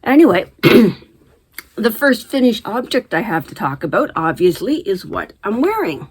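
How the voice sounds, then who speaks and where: A woman's voice: medium pitch, very animated, measured pace, slight background noise. A middle-aged woman hosting a knitting video, chatting casually to camera and laughing easily as she talks. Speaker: knitting podcast host.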